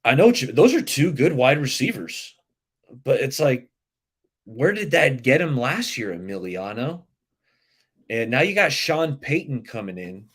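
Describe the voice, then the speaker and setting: A man's voice: medium pitch, big pitch swings, measured pace, fairly bright tone, breathy edge. A man hosting a live sports talk stream, chatting loosely and reacting to viewer comments. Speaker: livestream sports show host.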